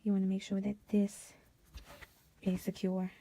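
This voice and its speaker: A woman hosting a casual sewing tutorial, chatty and drifting into quiet whispered asides as she works. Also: medium pitch, monotone, measured pace, creaky. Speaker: DIY sewing vlogger.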